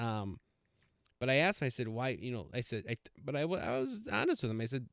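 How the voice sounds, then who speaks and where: A man's voice: mid-range voice, animated, brisk, a bit bright, smooth, dry recording, clean studio sound. A man hosting a casual solo podcast, rambling with many fillers and self-corrections. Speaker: podcast host.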